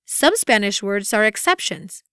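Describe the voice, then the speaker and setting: A woman reading a scripted language course with a deliberate, evenly paced teaching delivery. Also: mid-range voice, very animated, sharp tone, clean tone, dry recording, clean studio sound. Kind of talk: scripted instructional narration.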